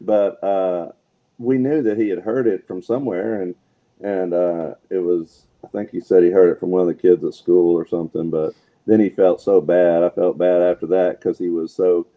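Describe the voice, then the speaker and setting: A man's voice: sits low, fairly even intonation, moderate pace, narrow, tinny audio. A man co-hosting a casual talk show, agreeing often and sharing his own parenting story. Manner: agreeable, frequent backchannel affirmations. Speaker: co-host. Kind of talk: casual chat.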